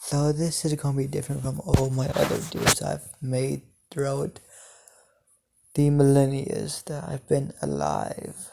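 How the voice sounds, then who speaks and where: A man voicing an ancient, scheming male devil who offers deals, in a hushed whispered role-play. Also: medium pitch, unhurried, vocal fry. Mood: sly.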